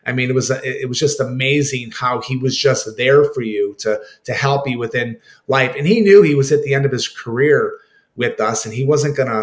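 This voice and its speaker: A man who is a former hockey player, reminiscing in an interview. He repeats words often and talks in halting bits. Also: medium pitch. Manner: halting, repeats words, acts out quoted exchanges.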